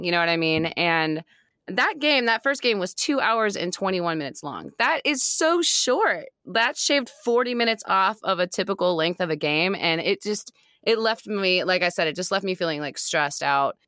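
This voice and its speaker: A woman in her thirties co-hosting a podcast in excitable casual chat. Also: on the low side, normal speed, no echo, clean studio sound. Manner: excitable, animated, swears casually. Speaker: podcast co-host.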